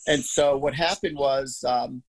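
A man's voice: mid-range voice, fairly even intonation, measured pace, low-quality recording. A man guest telling a rambling story in casual chat, with many fillers and restarts. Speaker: podcast guest, psychic.

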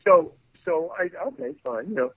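A man's voice: a little high, expressive, moderate pace, a crowd in the background. A man telling a story in casual chat, stammering and restarting as he acts out the quotes. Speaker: guest actor telling a story. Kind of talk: casual anecdote, animated. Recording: dry, phone-like narrow sound.

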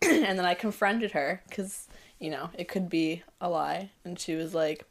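Young woman telling a story, lowish voice, lots of likes and ums. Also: measured pace. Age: 20s. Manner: chatty, animated, lots of fillers. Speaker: podcast guest. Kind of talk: casual storytelling.

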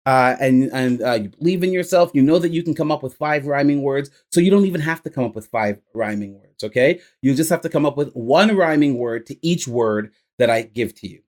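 A man's voice: medium pitch, animated, a little fast, hardly any pauses, a little mellow. A man coaching a student through rhyming exercises, upbeat and laughing often, with plenty of fillers. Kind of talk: casual coaching session.

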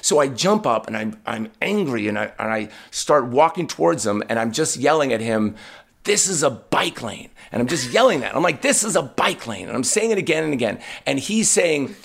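A man guest on a podcast, telling a story about himself in a casual, animated, self-deprecating way. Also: mid-range voice, fairly quick, vocal fry, few pauses.

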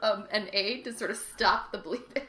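A woman narrating as game master in a tabletop game, casual and halting. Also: mid-range voice, bright, forceful tone, reverberant, a little hiss or hum.

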